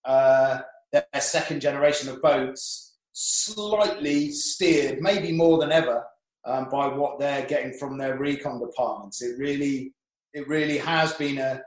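Sailor with a roomy echo. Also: male voice, medium pitch, measured pace. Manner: rambling, anecdotal, with frequent restarts. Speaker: professional sailor guest. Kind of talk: casual podcast chat.

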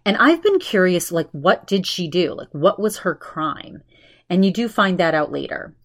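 A woman's voice: fairly low pitch, sing-song, moderate pace. A woman hosting a podcast, reviewing an episode in a casual, chatty way with frequent restarts and fillers. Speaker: podcast host.

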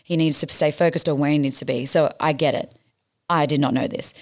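A lowish-voiced Australian woman chats as a podcast guest. She tells her stories with energy, acting out what people said and laughing often. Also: fairly quick. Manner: lively storyteller, acts out quotes, laughs often. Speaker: guest, stage actress. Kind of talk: casual interview chat.

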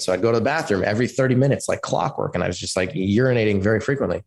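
Man in his 40s, from California, podcast guest, lively storyteller, somewhat low voice. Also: rapid-fire, creaky. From California, USA. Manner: animated storyteller who acts out quotes, many "like" and "you know" fillers. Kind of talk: personal storytelling in a podcast interview.

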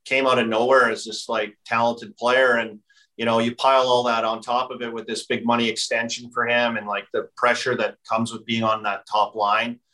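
A man's voice: medium pitch, flat delivery, moderate pace, sharp tone, far from the mic, rough recording. A man, a former hockey player, guesting on a podcast and telling stories in a rambling way full of fillers. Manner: rambling, heavy use of filler "like". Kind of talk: casual storytelling chat.

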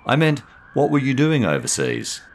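A man voicing a smooth, recently divorced lawyer with an eager, charming manner. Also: medium pitch, wildly swooping pitch, normal speed, pitched above the performer's own voice.

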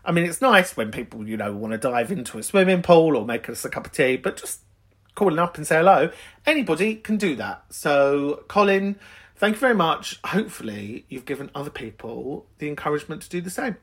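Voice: mid-range voice, animated, fairly quick, slightly rough. A podcast host chatting casually, swearing freely and laughing often while answering callers. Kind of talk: casual chat.

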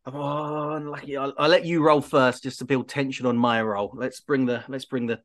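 A man's voice: medium pitch, flat delivery, normal speed, fairly bright tone, no echo, clean studio sound. A man playing in a tabletop game, reacting playfully and theatrically with frequent laughs. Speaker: player.

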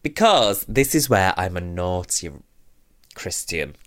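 A man's voice: sits low, lively intonation, takes it slowly. A man co-hosting a podcast, chatting casually and ranting animatedly, swearing freely. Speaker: podcast co-host. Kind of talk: casual comedic chat.

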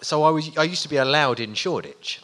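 A man's voice: on the high side, expressive, fast, fairly bright tone. A man in his forties telling self-mocking, swearing anecdotes as a guest on a live stage show. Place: live stage in front of an audience.

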